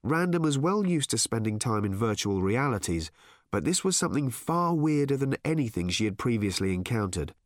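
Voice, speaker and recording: Man reading a story aloud, wry and measured, lots of ups and downs, dry close sound. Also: mid-range voice, big pitch swings, no echo. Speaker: narrator. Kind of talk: audiobook narration.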